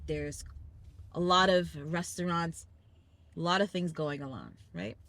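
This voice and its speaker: Recorded with no room sound, this Brooklyn woman with a New York accent speaks in a low-ish voice at a measured pace. She hosts a casual family chat podcast in the car on the school commute, emphatically telling animated stories and acting out quotes.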